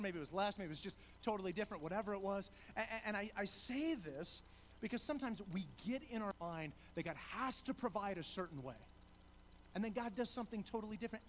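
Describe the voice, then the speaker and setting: Male pastor, high-pitched, conversational sermon delivery with some faint background noise. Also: poor audio. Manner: conversational, acts out biblical characters with rising excitement; repeats words when starting sentences.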